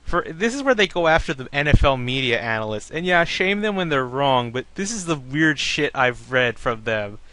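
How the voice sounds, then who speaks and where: A man's voice: medium pitch, moderate pace, few pauses, dry recording. A man hosting a casual sports talk show, ranting about fans with plenty of swearing. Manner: ranting, profane, animated. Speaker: podcast host.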